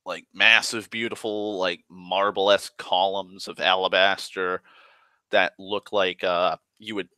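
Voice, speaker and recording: A man's voice: deep voice, flat delivery, measured pace, sharp tone, clean tone, no room sound. A man retelling a tabletop game session in a rambling, profane way, full of fillers and restarts. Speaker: storyteller.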